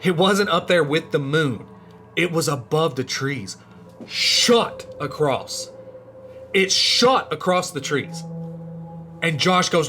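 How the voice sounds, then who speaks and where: A man's voice: a little high, moderate pace, faint music behind. A man telling a true scary story in a casual, rambling way, his voice rising and dropping for suspense. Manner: animated, rambling, voice rises and drops with suspense.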